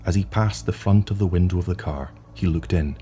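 A man narrating a short story in a measured, atmospheric way. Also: low voice, mellow.

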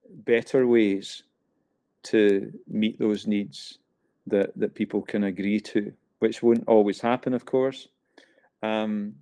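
A man's voice: mid-range voice, darkish tone. A man hosting a church-related interview podcast, speaking with repeated restarts. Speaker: podcast host, church minister.

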